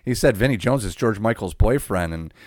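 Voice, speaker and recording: Male podcast co-host, lowish voice, dry close sound, rambling play-by-play recap. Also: expressive, fairly quick, darkish tone, no room sound. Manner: blow-by-blow recap with frequent filler uhs and swearing. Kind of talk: casual wrestling recap chat.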